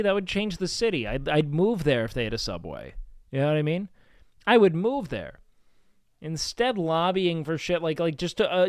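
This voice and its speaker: Young guy streaming, rambles + swears a lot, kinda high smooth voice, dry close mic. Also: no echo. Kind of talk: casual stream chat.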